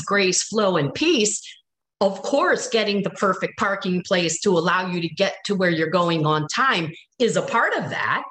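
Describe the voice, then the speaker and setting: A woman telling stories and talking about spiritual practice in a casual way, with a slightly hoarse voice and frequent laughs. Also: medium pitch, reverberant, poor audio. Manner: storytelling, animated, laughs often. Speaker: guest speaker.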